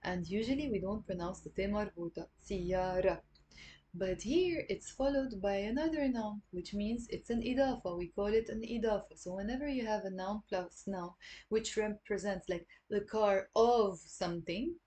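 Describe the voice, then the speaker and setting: A woman with a Lebanese accent giving an online language lesson, patiently repeating words slowly for learners. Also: medium pitch, mellow. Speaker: Arabic dialect teacher.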